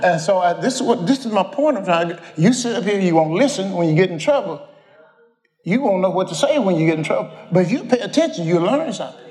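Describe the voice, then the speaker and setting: Older preacher in an echoey church. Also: male voice, sits high, lively intonation, fast talker, a little mellow. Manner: rambling, homespun, chuckling, addresses the congregation. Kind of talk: folksy storytelling sermon.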